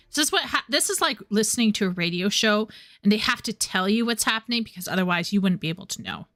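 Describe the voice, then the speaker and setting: A woman's voice: medium pitch, expressive, fast talker, fairly bright tone, no room sound, faint music behind. Chatty woman streaming a game. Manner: chatty, stumbles and repeats words, reads game dialogue aloud. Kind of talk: casual gameplay commentary.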